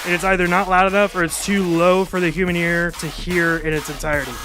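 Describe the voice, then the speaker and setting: A man's voice: sits high, flat delivery, quick pace. A young man streaming live, reacting to new music in a casual, enthusiastic way and chatting with his viewers.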